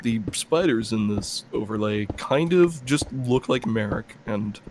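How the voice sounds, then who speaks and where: A man's voice: lowish voice, lively intonation, unhurried, darkish tone, slight background noise. A young man of twenty-one chatting casually while playing a video game, rambling, swearing and laughing often. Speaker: gameplay video player. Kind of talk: casual gameplay chat.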